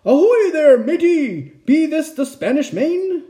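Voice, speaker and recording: A man voicing a loud, gruff, bossy pirate captain who bellows his commands in a storybook reading. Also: very high-pitched, wildly swooping pitch, normal speed, voice pushed up, exaggerated voice. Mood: bellowing.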